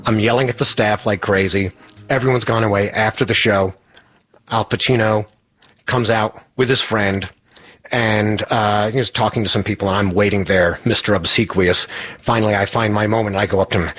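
Wry low-voiced man telling a story. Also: fairly even intonation, fairly quick, fairly bright tone, slightly rough, no room sound. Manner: wry, self-mocking, acts out quoted voices. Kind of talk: live personal storytelling.

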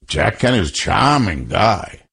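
An older man with a broad Boston accent tells an anecdote in an archival interview. His voice sits low, and his delivery is loose and conversational. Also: normal speed, vocal fry, husky. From Boston area, USA. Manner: relaxed anecdotal storytelling. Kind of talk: recorded interview, storytelling.

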